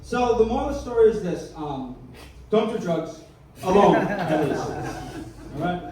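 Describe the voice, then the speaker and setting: A man's voice: high voice, animated, a little slow, noisy background. A young man doing self-mocking stand-up storytelling at a cafe open mic, rambling and repeating his phrases. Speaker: stand-up comedian. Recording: echoey room, mic at a distance.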